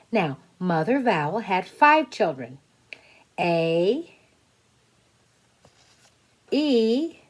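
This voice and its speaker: A woman teacher tells a silly story to young children. Her speech is slow and deliberate, and her pitch rises and falls in a lively, expressive way. She invites the little listeners to join in.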